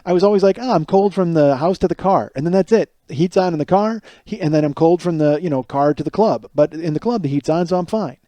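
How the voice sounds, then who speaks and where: A man's voice: fairly high pitch, fast, hardly any pauses, dark tone, dry recording, muffled recording. A middle-aged man from Chicago hosting a podcast, telling a rambling comic story with frequent restarts and profanity. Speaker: podcast host. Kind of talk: casual comic monologue.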